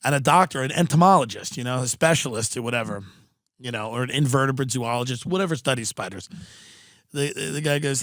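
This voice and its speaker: A man speaks fast in a mid-range voice while hosting a comedic storytelling podcast in Southern California. Animated and profane, he acts out the people he quotes, and the recording is dry and studio quality.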